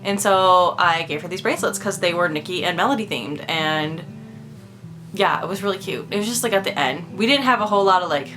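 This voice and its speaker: Woman vlogger, chatty and gushing, bright clear tone, rambles with fillers, soft guitar underneath. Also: fairly low pitch, brisk. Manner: gushing and enthusiastic. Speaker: doll-collecting vlogger. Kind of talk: casual chat.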